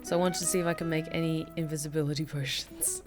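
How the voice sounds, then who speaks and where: A woman streaming a video game, thinking aloud in casual commentary with quick asides and the odd mild curse. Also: low voice, level tone, music in the background.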